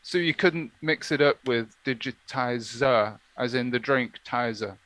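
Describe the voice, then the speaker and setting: A man's voice: mid-range voice, measured pace, a bit bright, dry recording. A man co-hosting a live stream, chatting casually and jokingly and reading on-screen text aloud. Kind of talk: casual chat.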